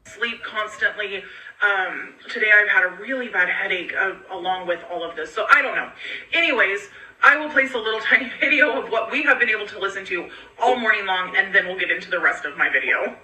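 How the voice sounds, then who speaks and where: A tired woman talking in a casual home vlog, rambling and halting with many ums. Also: medium pitch, expressive, bright, forceful tone, roomy sound, far from the mic, poor audio. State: tired, low on energy. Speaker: vlogger in a clip being reacted to.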